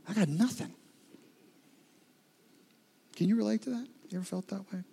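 A man preaching a sermon as a pastor, talking straight to his listeners and swinging from loud questions to hushed whispers. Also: sits high, normal speed, creaky, pauses often, slightly rough. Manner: addresses listeners directly with repeated questions.

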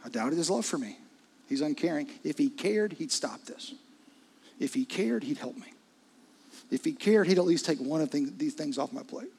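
Man preaching, husky voice, fairly high pitch, dynamic delivery from soft to loud, middle-aged. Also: lively intonation, fairly quick. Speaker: pastor. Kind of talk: sermon.

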